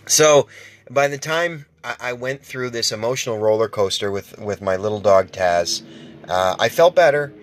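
A man's voice: mid-range voice, normal speed, slight background noise. A man hosting his own show, telling a rambling, profane story with many restarts and asides. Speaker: podcast host. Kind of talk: casual storytelling monologue.

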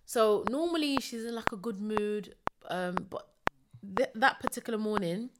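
Animated woman storyteller, slightly high voice. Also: normal speed, very noisy. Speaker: podcast co-host. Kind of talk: casual chat.

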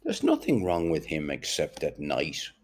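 A guarded, brooding young man speaking with quiet bitterness, as a male narrator puts him on. The voice stays deep and slow, restrained rather than showy, in an audiobook reading. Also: huge pitch swings, a little hiss or hum, heavily acted. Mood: flat. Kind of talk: audiobook character voice.

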